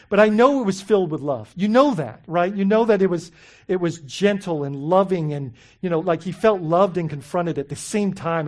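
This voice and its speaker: With a mid-range voice, a pastor preaches animatedly and conversationally. He asks the congregation many questions and leans often on "you know" and "right?".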